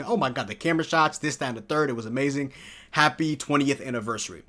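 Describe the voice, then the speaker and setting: A man in his early twenties giving a casual, excitable video review, full of slang and sudden high-pitched exclamations. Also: quick pace. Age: early 20s. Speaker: TV show reviewer.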